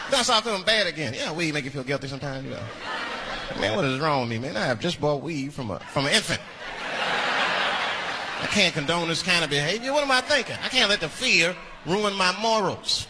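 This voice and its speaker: A man doing stand-up comedy, telling a story in an animated way and acting out the voices. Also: on the high side, brisk. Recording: loud crowd noise of a live stand-up show.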